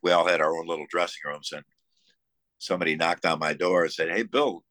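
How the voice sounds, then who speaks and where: Low, bright-toned man telling stories. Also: fairly even intonation, no echo. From United States, Buffalo area. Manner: halting, many fillers and restarts; enthusiastic storytelling. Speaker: musician guest. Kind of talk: casual interview conversation.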